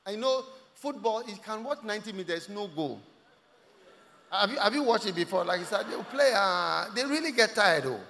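A man preaching a sermon to a congregation, dropping to hushed asides and rising to loud shouts. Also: high-pitched, expressive, moderate pace, gravelly, slight background noise. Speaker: pastor. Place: large church hall. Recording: long hall reverb.

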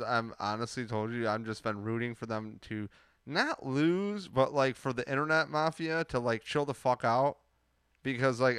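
A man's voice: medium pitch, fairly bright tone, clean tone, dry recording. A man hosting a podcast, talking in a laid-back, slangy, rambling way. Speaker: podcast host. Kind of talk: casual podcast chat.

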